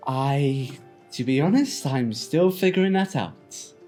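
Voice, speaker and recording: Curious, cheeky young fairy, played by a man; eager and playful, mid-pitched. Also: expressive, slow, darkish tone, faint music behind. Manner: eager, playful in-character chat.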